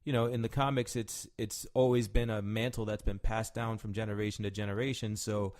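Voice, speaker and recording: A man's voice: lowish voice, level tone, brisk, a little mellow. A man co-hosting a casual podcast, talking animatedly and swearing, with lots of "right?" tag questions. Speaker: podcast co-host. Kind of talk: casual chat.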